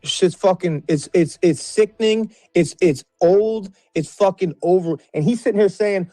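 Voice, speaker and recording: A man on a livestream panel in an angry, profanity-heavy rant. He restarts his sentences and keeps repeating himself, and his voice pitches sharply upward as he shouts. The audio is dry and close, with faint music underneath. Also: moderate pace, hardly any pauses, no room sound. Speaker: panel guest.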